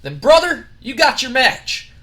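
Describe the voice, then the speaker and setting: A man's voice: very high voice, very animated, unhurried, pushed and bright, voice pushed up, exaggerated voice. A man voicing a smug veteran male wrestler who brokers a deal with easy assurance.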